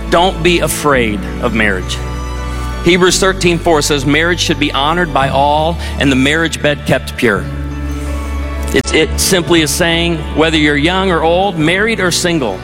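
A man's voice: on the high side, a little slow, music in the background. A middle-aged male pastor preaching a sermon in a large university auditorium, telling stories with wry humor in a conversational way. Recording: long hall reverb.

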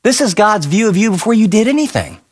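A middle-aged pastor delivering a sermon. He tells stories animatedly, jumping up and down in pitch and speeding up in bursts. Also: quick pace, slightly rough. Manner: animated storytelling, sudden pitch swings.

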